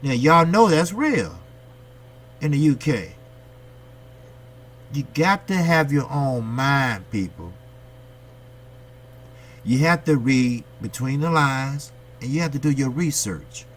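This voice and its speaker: A man's voice: medium pitch, animated, slow, long pauses, a little hiss or hum. Blunt, ranting man talking boxing. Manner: blunt, profane, ranting delivery; talks straight to his viewers, with rhetorical questions. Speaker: boxing channel host. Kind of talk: opinionated boxing commentary monologue.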